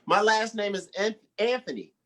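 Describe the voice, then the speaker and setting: Comedy host, mid-pitched voice, hyping the crowd, call and response, introducing the closer. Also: moderate pace, fairly bright tone. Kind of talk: live show emcee introduction.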